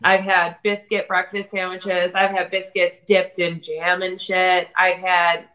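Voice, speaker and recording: A woman chef talking as a guest on a video call, telling lively, swear-laced stories and mimicking her family's voices. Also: on the low side, a little slow, muffled recording, slight background noise. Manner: animated storyteller who swears casually and mimics family voices. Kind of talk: casual video-call chat.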